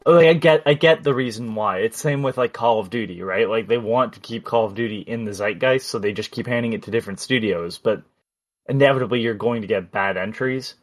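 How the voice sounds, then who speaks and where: A man co-hosting a gaming podcast, chatty and animated, often cutting himself off mid-thought. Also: fairly low pitch, fairly quick. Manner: chatty, animated, self-interrupting. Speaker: podcast co-host. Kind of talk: casual gaming chat.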